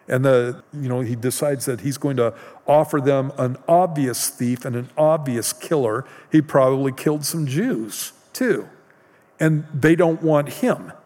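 A man preaching a sermon as a pastor, talking slowly and earnestly, with restarts. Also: a little high, a little mellow. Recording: church hall reverb.

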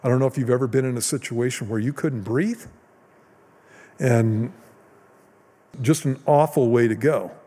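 Man, pastor, sermon, conversational with emphatic rises, average pitch, long hall reverb. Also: moderate pace, pauses often, mellow. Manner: conversational preaching with restarts, rising for emphasis. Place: church hall.

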